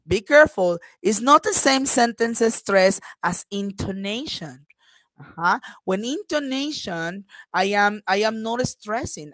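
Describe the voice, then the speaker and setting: A woman's voice: mid-range voice, no room sound. Teacher woman, dry close sound. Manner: frequent "uh-huh" check-ins, repeats example sentences with acted intonation. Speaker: English teacher. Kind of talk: online class lesson.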